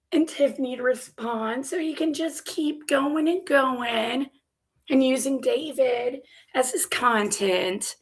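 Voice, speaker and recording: A woman's voice: high voice, takes it slowly. A woman who is losing her voice and sick, ranting in exasperation and swearing as she reacts to a clip, with sarcastic asides. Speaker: commentary channel host. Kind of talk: reaction commentary rant.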